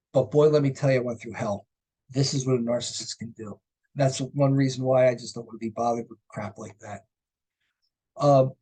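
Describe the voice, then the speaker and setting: A man's voice: medium pitch, warm tone, slightly rough. A middle-aged man giving a recorded college lecture, conversational and anecdotal, often tossing in "right?" and "you know".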